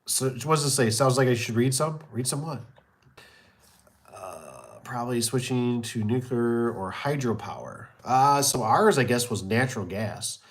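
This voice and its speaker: A man's voice: medium pitch, measured pace. A middle-aged man who runs a garage door business, chatting casually in a rambling, folksy way with many fillers. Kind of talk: casual chat.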